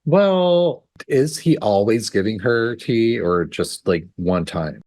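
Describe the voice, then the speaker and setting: A woman's voice: rumbling low, animated, slow pace, dark tone, no room sound. A woman co-hosting a podcast in casual chat, who teases and asks probing questions. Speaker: podcast co-host.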